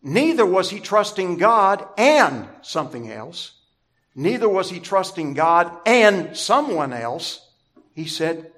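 Pastor guy giving a sermon, kinda high voice, takes his time, hammers the same words over and over. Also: very animated, fairly bright tone. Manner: deliberate, emphatic preaching with repeated phrases.

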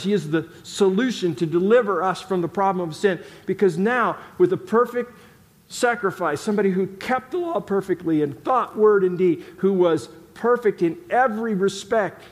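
High-voiced man preaching in a reverberant hall. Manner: emphatic, repeats phrases for stress. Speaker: pastor. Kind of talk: sermon.

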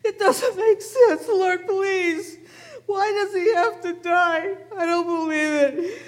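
A woman's voice: a little high, measured pace, a little mellow, big-room sound, lightly acted. A woman telling the story of a humble shepherd. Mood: grieving. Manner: earnest, tearful in grief. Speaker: children's storyteller. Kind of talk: first-person dramatic monologue. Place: church sanctuary.

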